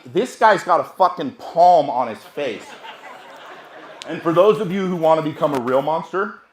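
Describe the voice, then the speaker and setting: A man, a sales trainer, telling a brash, profane story at a seminar, swinging from hushed asides to loud bursts. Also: a little high, roomy sound.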